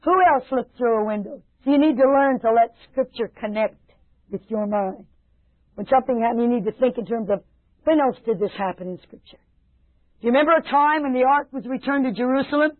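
A woman's voice: on the high side, brisk, no echo. Impassioned woman preaching over tinny radio. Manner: impassioned, emphatic. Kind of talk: sermon.

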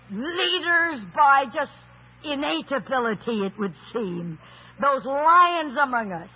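A man preaching a sermon in an emphatic storytelling style, with rhetorical questions, and raising his voice to a shout for stress. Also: extremely high pitch, expressive, slow. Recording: tinny phone-like sound.

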